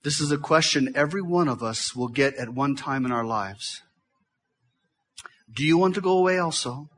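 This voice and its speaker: A middle-aged man preaching a sermon as a visiting pastor in a church, talking fast and swinging from loud bursts to hushed, quiet stretches. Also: mid-range voice.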